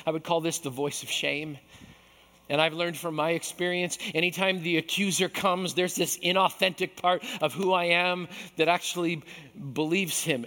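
Man, pastor, sermon, fairly high voice, lively delivery, acts out voices. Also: in a large hall. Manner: animated, acts out voices in the story.

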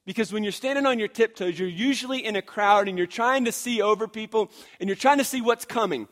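High-voiced animated preacher man. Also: a little fast. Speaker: pastor. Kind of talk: sermon.

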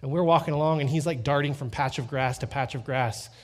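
A man's voice: medium pitch, fast. Man preaching a sermon, storytelling. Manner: storytelling with animated quoted dialogue. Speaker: pastor.

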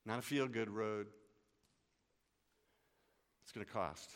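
A man preaching a sermon to his congregation, swinging from hushed, slow lines to loud, urgent ones. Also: on the low side, smooth. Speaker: pastor. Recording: long hall reverb.

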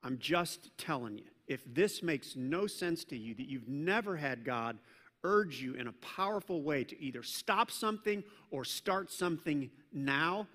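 Animated male pastor in a reverberant church. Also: on the high side, a little slow. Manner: animated, playful storytelling with sudden loud mock commands. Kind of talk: sermon. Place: church sanctuary. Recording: long reverb from a large church hall.

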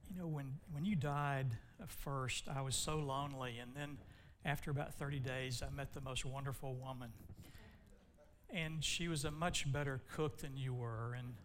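A man's voice: mid-range voice, fairly even intonation, normal speed, fairly bright tone, slight background noise. A man preaching a sermon, telling a long joke in a folksy way and then reading scripture aloud. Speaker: pastor.

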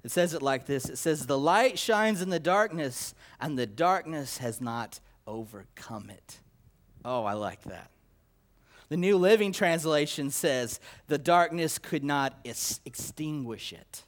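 A man preaching a sermon, swinging between loud emphatic declarations and low quiet asides, with repetition and stammered restarts. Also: animated. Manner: slow, deliberate delivery with repetition and stammered restarts.

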